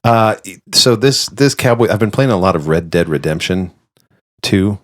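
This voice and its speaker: A man's voice: fairly low pitch, animated, moderate pace, a bit bright. A man co-hosting a casual podcast, joking around and reading out listener questions. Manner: playful, jokey, reads listener questions aloud. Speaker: podcast co-host.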